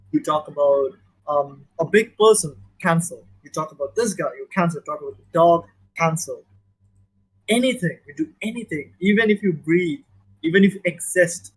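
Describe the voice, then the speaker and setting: A man with an Indian accent, part American, talking in a casual podcast chat, animated and given to repeating words for emphasis. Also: on the high side, slightly rough, low-quality recording. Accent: Indian, mixed with American.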